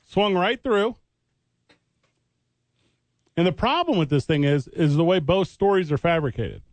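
A man's voice: high-pitched, sing-song, unhurried, no echo. A man co-hosting sports talk radio, arguing his point and choosing his words with care. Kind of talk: heated sports talk debate.

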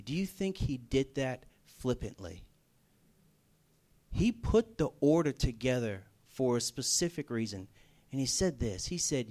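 A young adult man preaching a sermon through stories, animated and shifting from soft to loud emphasis. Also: medium pitch, a little slow. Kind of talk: storytelling sermon.

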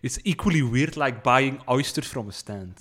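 Podcast co-host: mid-pitched man, dry and teasing. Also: animated, moderate pace, a bit bright. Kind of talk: casual chat.

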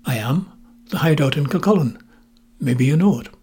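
A sociable, easygoing publican, played by a male storyteller. His voice is very husky and his talk genial, a figure in an audio story. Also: on the high side, expressive, moderate pace, a little mellow.

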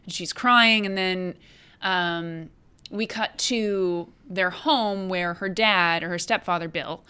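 A woman's voice: on the low side, slow pace, sharp tone, clear, resonant tone. A woman co-hosting a casual movie recap, critical and blunt, swearing casually. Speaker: podcast co-host.

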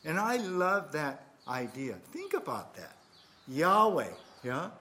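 A man's voice: fairly high pitch, sing-song, a little slow, pushed and bright, slight background noise. A man preaching a sermon in a conversational way, with playful asides to his congregation. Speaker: pastor.

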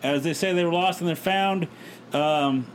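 A man co-hosting a casual podcast, recapping a show in quick, joking bursts. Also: fairly high pitch, a little hiss or hum. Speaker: podcast co-host recapping wrestling. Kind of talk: casual chat.

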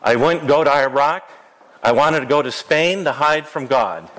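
A pastor, speaking his lines in a story for kids, plays a sheepish runaway prophet, an adult man who admits his part in plain, matter-of-fact words. the voice is a slightly high male voice with no put-on character. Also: animated, normal speed, fairly bright tone, poor audio.

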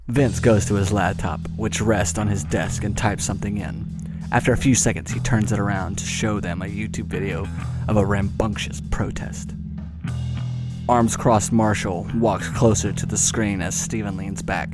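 A man narrates stage directions for a comedy script read-through in a brisk, wry tone. His voice is a touch deep. Clear guitar music runs under every line. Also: fairly even intonation. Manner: brisk, wry, profane asides. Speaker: narrator and host.

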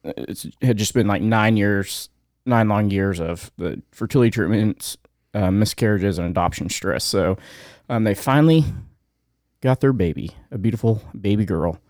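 A man co-hosting a podcast, reading out a news story in a casual, halting way, often pausing with fillers and getting choked up. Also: lowish voice, a little mellow, no room sound, clean studio sound. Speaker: podcast co-host.

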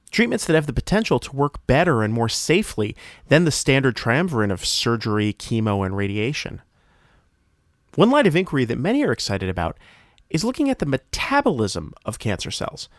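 Lively male science narrator. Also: medium pitch, no room sound, studio quality. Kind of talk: scripted narration.

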